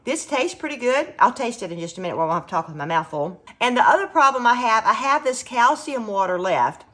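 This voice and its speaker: A woman's voice: a little high, animated, fairly quick, fairly bright tone. A woman chatting through a home canning demonstration in her kitchen, explaining each step as she works. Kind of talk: casual cooking demonstration.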